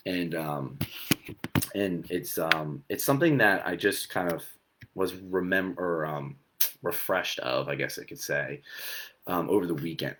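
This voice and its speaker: A man coaching viewers on fitness in a live talk, energetic and repetitive, often checking in with "okay" and "right". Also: low voice, noisy background.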